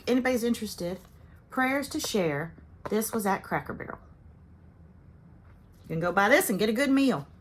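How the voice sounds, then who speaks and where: A woman's voice: mid-range voice, slightly rough. A woman in her fifties hosting a cross-stitch channel, talking casually and chattily to her viewers and rambling with frequent little laughs.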